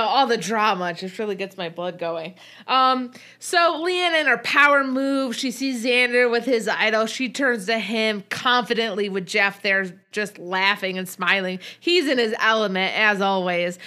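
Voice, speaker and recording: A woman's voice: on the high side, a little slow, hardly any pauses, pushed and bright. A woman co-hosting a podcast, casually recapping a reality show and acting out quoted lines with animation. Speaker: podcast co-host.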